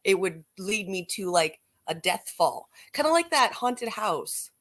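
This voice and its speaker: A woman's voice: mid-range voice, sing-song, measured pace, fairly bright tone. A woman co-hosting a live show from a room in her home, talking casually and bluntly and laughing easily. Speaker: co-host.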